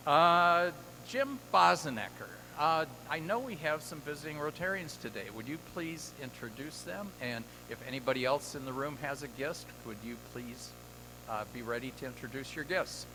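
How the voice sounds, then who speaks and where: A man presiding over a club meeting as its president, loud, upbeat and teasing the members. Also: on the high side, moderate pace, background noise. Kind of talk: meeting chair, casual and joking.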